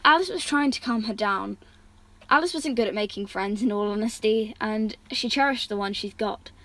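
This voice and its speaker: A woman's voice: medium pitch, moderate pace, a bit bright, dry recording, rough recording. A woman reading a fantasy story aloud, restarting words now and then. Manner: reads characters' lines with stronger feeling, slips and restarts words. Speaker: reader.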